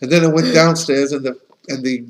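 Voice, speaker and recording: A rabbi talks through an informal lesson at a medium pitch with fairly even intonation, speaking a little fast on a low-quality recording. He's chatty and anecdotal, frequently restarting his sentences and using Yiddish and Hebrew terms.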